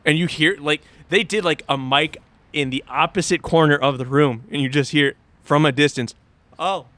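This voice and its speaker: A man's voice: fairly high pitch, moderate pace, a bit bright, no room sound. A young man co-hosting a podcast, retelling movie scenes in a laid-back way and laughing often. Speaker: podcast co-host. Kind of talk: casual movie review chat.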